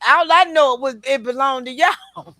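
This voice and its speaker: Bright-voiced woman preacher hosting chat. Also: high-pitched, normal speed, no room sound. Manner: animated, teasing, addresses viewers as y'all and honey. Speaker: preacher and show host. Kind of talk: casual interview chat.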